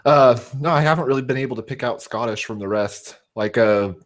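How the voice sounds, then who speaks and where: A man's voice: mid-range voice, brisk. A man with a West Coast American accent chatting on a livestream, hesitant and full of fillers. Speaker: stream guest. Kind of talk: casual livestream chat.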